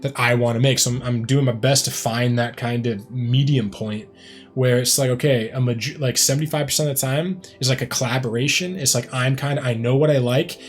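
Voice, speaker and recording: A man's voice: mid-range voice, steady tone, fairly quick. A man hosting a music reaction video, talking in a rambling, reflective way, full of "like" and "um". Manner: rambling and reflective, heavy use of "like" and "um". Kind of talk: casual reaction commentary.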